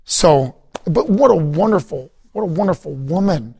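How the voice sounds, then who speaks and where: A middle-aged man with a fairly high voice recounts his past in a loose, meandering way. He often stops to restart his sentences and fills pauses with ums and uhs. The sound is dry and close. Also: lively intonation, vocal fry, a little mellow, breathy edge, no echo. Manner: rambling storytelling with many fillers and restarts. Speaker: guest. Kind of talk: conversational testimony interview.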